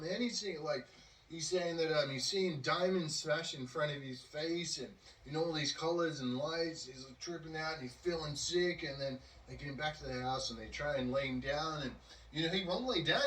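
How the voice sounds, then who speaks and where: There's a little hiss or hum as a podcast host spins a casual yarn in a somewhat high, fairly bright voice. He meanders, leaning on fillers and performed quotations, and sounds distant from the mic in a roomy space.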